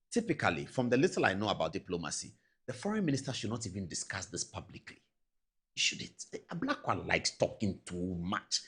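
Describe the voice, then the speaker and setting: A Ghanaian man hosting a TV show, his voice high and a little husky. He swings his pitch up and down as he delivers exasperated, emphatic commentary straight to the camera. He slips Twi phrases into his English. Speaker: TV news show host. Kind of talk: animated political commentary.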